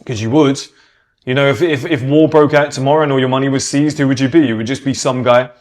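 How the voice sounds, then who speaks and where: A man's voice: mid-range voice, steady tone, fast talker. A British man giving a casual, opinionated monologue. He talks with emphasis, swears freely and acts out the people he quotes. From Britain. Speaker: podcast host.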